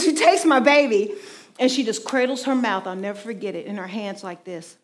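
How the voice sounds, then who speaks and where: A ministry team speaker, a woman in her forties, shares her personal faith testimony in a conversational storytelling style, frequently saying "you know." Her voice is medium-pitched and she talks fast.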